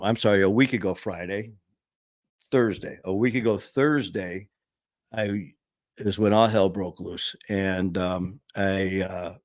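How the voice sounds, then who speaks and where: A middle-aged man with a lowish voice tells a rambling personal story in blunt, salty language. He talks close to the mic in a dry room with no echo. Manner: blunt, profane, animated storyteller. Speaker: podcast host. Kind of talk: casual storytelling.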